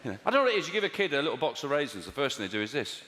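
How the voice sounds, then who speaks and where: A man in his thirties or forties with a London accent, doing a stand-up comedy routine in a conversational, exasperated way with sudden high squeals for emphasis. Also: sing-song, rapid-fire, heavy background noise. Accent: London English. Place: large theatre stage before a live audience. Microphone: stage microphone. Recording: roomy hall reverb, loud audience laughter.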